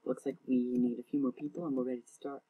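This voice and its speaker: A young man with a breathy, slightly husky voice talks his way through a game. His chatter is rambling and self-mocking, full of stumbles and restarts. His pitch sits in an ordinary middle range. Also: little pitch movement, fast talker, narrow, tinny audio. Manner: rambling, self-mocking, often tongue-tied. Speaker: gaming channel host. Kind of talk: casual gameplay commentary.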